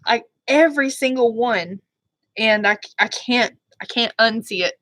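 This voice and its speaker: Woman vlogger, bright higher voice, chatty and apologetic, dry close mic. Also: unhurried, no room sound. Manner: chatty, rambling, often apologetic. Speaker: beauty vlogger. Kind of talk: casual chat.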